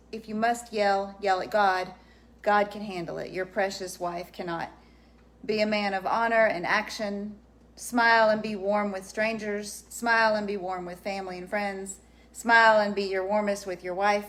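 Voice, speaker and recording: A woman, the host's wife, reading a note aloud in a steady, plain voice and then chatting casually. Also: mid-range voice, moderate pace.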